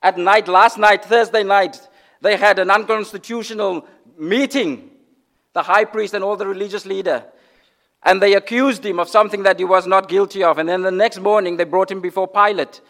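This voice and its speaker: A man delivers a sermon in a notably high voice. He lifts his lines into loud declarations, then sinks to hushed, near-whispered phrases. He repeats words for emphasis. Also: fairly even intonation, moderate pace. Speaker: preacher.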